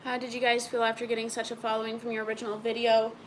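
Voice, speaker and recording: Sleepy woman vlogger, slightly high voice, halting rambling chat. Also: completely flat delivery, slight background noise, poor audio. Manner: halting and rambling, searching for words. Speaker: vlogger answering viewer questions. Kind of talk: casual chat.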